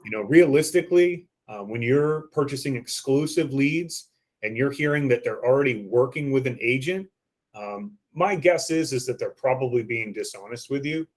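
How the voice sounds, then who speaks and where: A man's voice: medium pitch, normal speed. A man giving a training lesson on phone sales scripts, coaching listeners and acting out the script lines.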